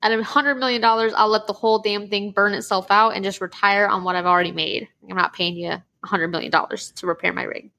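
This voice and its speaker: A woman voicing a gruff, blunt male oil tycoon while telling a joke. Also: medium pitch, steady tone, quick pace, hardly any pauses, bright, forceful tone. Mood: scoffing.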